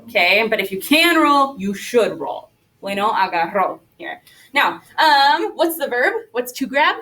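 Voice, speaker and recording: A woman's voice: on the high side, sing-song, a little slow, bright, forceful tone, distant mic, poor audio. A woman teaching a Spanish class, upbeat and coaxing as she leads the students through repetition drills. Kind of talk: classroom lesson.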